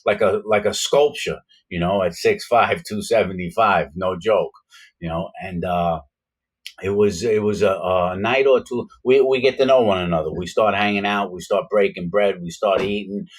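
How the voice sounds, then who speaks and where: A man with a very low, deep voice tells a personal story in a loose, casual way. He rambles, restarts his sentences and leans on fillers, and he gets louder and more worked up as the story builds. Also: normal speed, low-quality recording.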